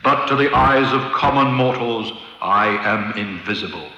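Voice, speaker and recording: A man voicing a booming hidden male wizard, speaking slowly and solemnly, recorded in an echoey room with long reverb. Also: bright, forceful tone, highs cut off. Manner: slow, solemn, drawn-out delivery.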